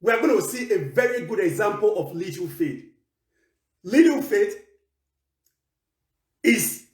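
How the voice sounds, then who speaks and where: A high-voiced male preacher who swings his pitch widely as he presses each point. He repeats his phrases again and again for stress. The sound carries a roomy echo. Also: sing-song, measured pace, pauses often. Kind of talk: sermon.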